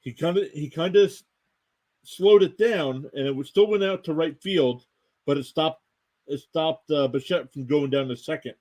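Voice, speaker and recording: A man's voice: a little high, moderate pace, darkish tone. A young man hosting a live stream, calling baseball play-by-play, reading out scores and thanking viewers. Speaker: live stream sports commentator. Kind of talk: live play-by-play reaction commentary.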